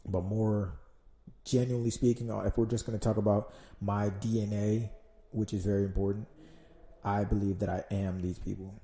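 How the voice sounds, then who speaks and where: Dark-voiced Jamaican man musing on a podcast. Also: on the low side, flat delivery, normal speed, reverberant. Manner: rambling, profane, loses his train of thought. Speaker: podcast host. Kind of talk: casual solo podcast monologue.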